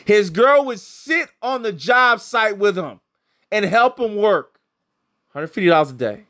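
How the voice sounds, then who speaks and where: A man's voice: high-pitched, animated, a little slow, fairly bright tone. Blunt, profane, heated man. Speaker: commentator reacting to clips. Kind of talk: casual profane commentary.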